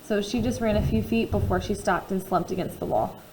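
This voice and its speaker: Female reader, first-person novel, expressive delivery that swings between hushed and loud. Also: mid-range voice, a little fast, slight background noise, rough recording. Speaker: audiobook reader.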